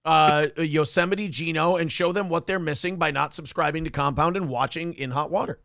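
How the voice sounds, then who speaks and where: Man in his thirties, talk show host, slightly high voice, dry close sound, rambling. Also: vocal fry, fairly bright tone, no echo. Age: 30s. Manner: rambling, halting, restarts. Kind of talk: casual chat.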